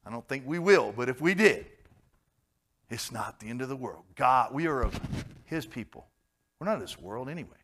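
A pastor preaching a sermon, swinging between loud, emphatic outbursts and quiet, gentle asides. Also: male voice, medium pitch, expressive, normal speed, long pauses, a little hiss or hum.

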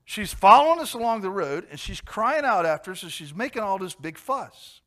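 Impatient followers gripe loudly, irritated and pushy, as a preacher with a fairly high voice puts them on. They want the trouble gone at once. Their complaint comes hard and fast. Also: male voice, big pitch swings, heavily acted. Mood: annoyed. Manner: irritated, loud.

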